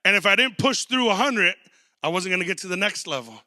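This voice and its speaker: A man's voice: high voice, lively intonation, brisk, pushed and bright, dry recording, studio quality. A man in his thirties preaching a sermon as a guest pastor, telling stories and acting out quotes. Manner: storytelling with acted quotes.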